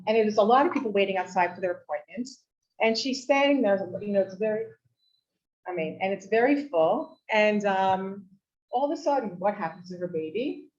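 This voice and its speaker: Lively woman telling a story, lo-fi. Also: mid-range voice. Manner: animated storytelling, rises to shouting for quoted outbursts. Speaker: teacher giving a weekly talk. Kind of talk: live Torah talk with storytelling. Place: women's study hall in a community center. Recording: dull lo-fi live recording.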